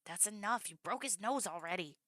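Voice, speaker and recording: A woman voicing a calm, firm young man in a game who scolds a friend. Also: medium pitch, a little fast, no echo, clean studio sound, voice pushed up.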